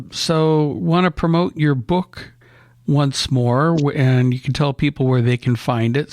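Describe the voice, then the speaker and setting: A man's voice: fairly high pitch, no room sound, studio quality. A man co-hosting a radio show, chatting casually with many fillers and easy laughs.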